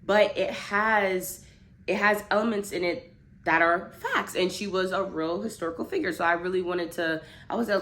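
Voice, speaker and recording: A young woman casually reviewing a book, chatty and animated, with a lot of fillers as she talks. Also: fairly low pitch, moderate pace.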